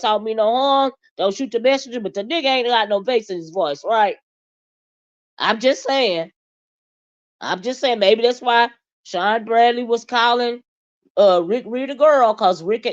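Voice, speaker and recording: A woman's voice: fairly high pitch, lo-fi sound. A woman hosting a livestream, giving casual commentary in a sassy, blunt way, drawling with asides to her chat and speaking.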